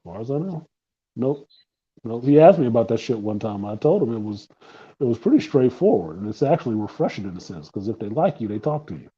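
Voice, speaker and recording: A man with a medium-pitched, slightly breathy voice talks a little fast, the highs cut off in the recording. Co-hosting a live talk stream as a podcast host, he tells crude stories full of laughter in casual, animated banter.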